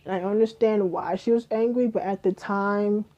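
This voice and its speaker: A young adult woman casually retelling a story, animated and profane, acting out what everyone said. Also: medium pitch, normal speed. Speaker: vlogger.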